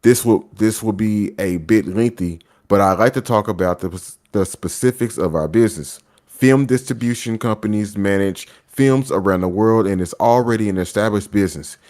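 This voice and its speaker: A man with a fairly low voice reads a news article aloud on a podcast. He keeps a steady, measured pace through the long quoted passage. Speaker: podcast co-host.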